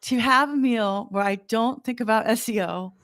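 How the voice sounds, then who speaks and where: A woman co-hosting a casual business talk over a livestream call, telling wry, animated stories. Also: fairly high pitch, normal speed. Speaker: podcast co-host. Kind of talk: casual chat.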